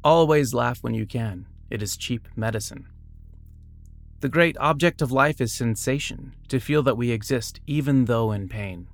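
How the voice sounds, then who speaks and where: A man's voice: mid-range voice, unhurried, vocal fry, no room sound. A man reading short biographies and quotes aloud, breaking off now and then for casual asides and small self-corrections.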